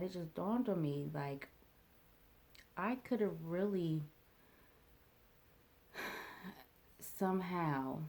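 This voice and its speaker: Woman, low gravelly voice, slow pace, mellow tone, reflective personal story vlog, halting with fillers. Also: slight background noise. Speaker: vlogger.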